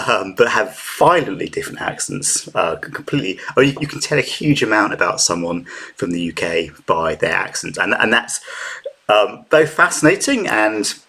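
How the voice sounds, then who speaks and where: A man's voice: deep voice, fairly bright tone, breathy edge. A young British man hosting a reaction channel, musing chattily with frequent ums and restarts. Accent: British English. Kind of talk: casual reaction commentary.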